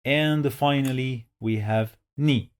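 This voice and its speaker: A man's voice: medium pitch, takes it slowly, clear, resonant tone. A man teaching Quran reading to beginners, patiently sounding out and repeating each syllable. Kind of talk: step-by-step reading lesson.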